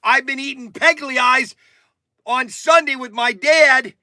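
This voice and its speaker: A man's voice: very high-pitched, slow pace, sharp tone, dry recording. A man in his sixties hosting a stream, telling an indignant story with a raised voice. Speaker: hobby shop owner hosting a stream. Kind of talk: ranting storytelling.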